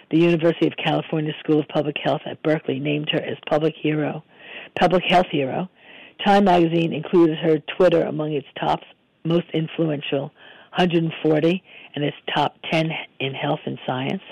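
A hoarse man hosting a radio show, his voice sitting a little higher than most men's. He talks in a relaxed, easygoing way, full of ums and small restarts. The studio sound is dry and close. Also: a little fast, dry recording, rough recording. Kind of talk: casual radio talk, recipe and guest intro.

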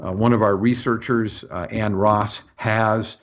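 Low-voiced man explaining on the radio. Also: steady tone, measured pace, lo-fi sound. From Wisconsin. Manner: earnest, explanatory, many fillers and restarts. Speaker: guest from a farm policy institute. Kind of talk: radio interview.

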